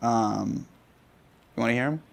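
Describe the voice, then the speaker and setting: A man answering audience questions in a casual comedic Q&A, animated and joking, laughing often. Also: medium pitch, unhurried, gravelly.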